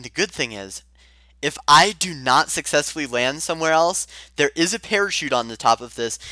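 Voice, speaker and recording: Excitable male gameplay host, slightly raised pitch, bright and punchy, playful affected delivery. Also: dry recording, poor audio. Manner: high-strung, excitable. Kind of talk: game commentary.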